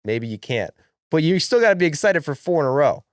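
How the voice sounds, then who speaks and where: A young man co-hosting a podcast in casual sports chat, brash and animated, swearing freely. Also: on the high side, brisk, no echo, clean studio sound. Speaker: podcast co-host.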